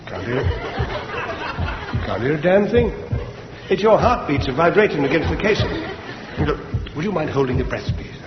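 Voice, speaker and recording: A man's voice: on the high side, big pitch swings, normal speed, pauses often, over loud music, a loud crowd. An actor playing a flippant, cheery bomb disposal officer who chuckles as he talks, in a radio sitcom. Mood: breezy. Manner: chuckling, breezy, offhand. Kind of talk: 1970s radio sitcom acting. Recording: echoey hall, dull radio recording, hiss.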